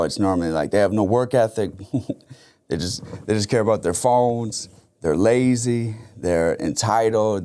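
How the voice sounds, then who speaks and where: A man's voice: low-pitched, a little mellow. A man in his thirties hosting a solo podcast, talking in an earnest, casual way and often saying "you know". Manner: casual, conversational, many "you know" fillers; earnest, reflective. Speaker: podcast host.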